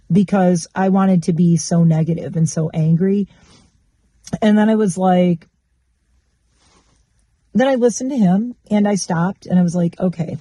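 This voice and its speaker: A woman's voice: medium pitch, warm tone, dry recording. A woman vlogger in casual chat, talking candidly and bluntly and swearing freely.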